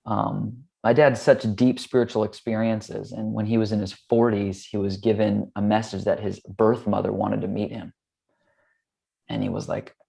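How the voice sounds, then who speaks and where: A man's voice: fairly low pitch, steady tone, moderate pace, creaky, a little mellow, breathy edge. A man from the United States, a yoga teacher, telling a personal story in a candid, casual way with loose fillers.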